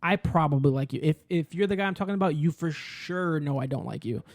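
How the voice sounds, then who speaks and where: A man co-hosting a casual podcast, telling stories in a joking, profane, animated way. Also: fairly high pitch, quick pace. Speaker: podcast co-host.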